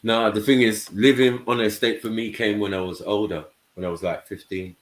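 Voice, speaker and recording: A man's voice: fairly low pitch, fairly even intonation, fairly quick. A man from England, chatting on a live panel and telling stories about growing up, often checking in with "you know what I mean". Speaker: panel host. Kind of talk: casual panel chat. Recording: echoey room.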